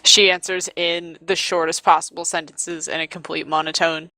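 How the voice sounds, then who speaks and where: A woman player in a tabletop role-playing game, describing her character in a deadpan way. Her voice is bright and sharp, recorded dry and close with no room echo. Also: on the low side, normal speed.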